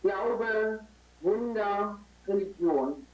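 A woman from northern Germany with a German accent answers interview questions over a video call in short, halting English that slips into German. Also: mid-range voice, darkish tone. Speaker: interview guest. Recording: distant, roomy video-call audio.

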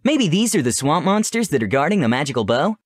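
A man voicing a brash, adventurous young princess in a bright, bouncy, impulsive way for a storybook tale. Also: fairly high pitch, very animated, fast, no room sound, clean studio sound, pitched above the performer's own voice. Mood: eager, playful. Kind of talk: storybook role-play reading.

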